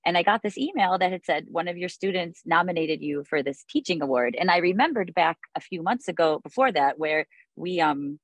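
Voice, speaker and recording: A woman's voice: fairly low pitch, animated, fairly quick, no room sound. A woman in her forties, a music teacher, talking in a podcast interview, chatty with many fillers and restarts.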